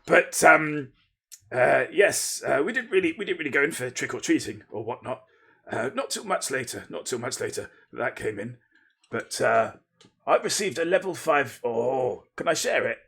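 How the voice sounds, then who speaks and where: A man's voice: mid-range voice, lively intonation, normal speed, creaky, pushed and bright, slightly rough. A man from Lincolnshire, casually chatting and rambling playfully as a livestream host, thanking viewers and interrupting himself. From Lincolnshire, England.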